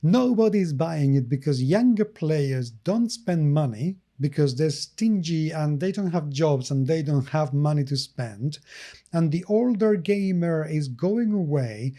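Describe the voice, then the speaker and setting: A man's voice: fairly high pitch, lively intonation, measured pace, dark tone. A man co-hosting a tabletop gaming podcast, talking sarcastically and often breaking into laughter. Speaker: podcast co-host. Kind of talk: casual podcast chat.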